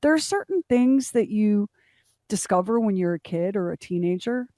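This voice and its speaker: A woman's voice: mid-range voice, moderate pace, dry recording, studio quality. A middle-aged woman from Philadelphia, a radio co-host telling vivid stories in casual chat. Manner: vivid, animated storyteller.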